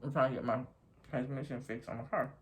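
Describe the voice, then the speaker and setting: Woman vlogger, unusually low voice, chatty rambling storytime over a meal. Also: fairly even intonation, fast, noisy background. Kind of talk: casual storytime while eating.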